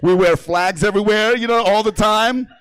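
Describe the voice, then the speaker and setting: Here a New York comedian delivers a stand-up set from a comedy theater stage, brash, profane and laughing along with his own jokes. His high-pitched voice is a bit bright, clear and resonant, moving at a moderate pace with no room sound.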